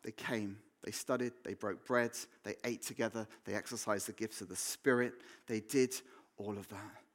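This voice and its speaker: A man's voice: fairly low pitch, fairly even intonation, moderate pace. A man with an English accent preaching a sermon in a church, conversational and jokey, often restarting with repeated words. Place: church hall.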